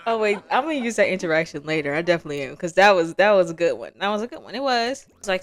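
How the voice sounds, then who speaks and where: A woman's voice: fairly low pitch, sing-song. Playful, chatty young woman gamer. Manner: chatty, playful, quick to laugh. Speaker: gaming vlogger. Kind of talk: casual gameplay commentary.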